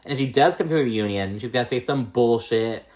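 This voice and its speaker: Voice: mid-range voice, brisk. A reality TV recap host giving a casual, gossipy episode rundown, swearing freely and packing the talk with fillers like "like" and "um". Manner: profane, filler-heavy, chatty; animated, mimics the cast in raised voices.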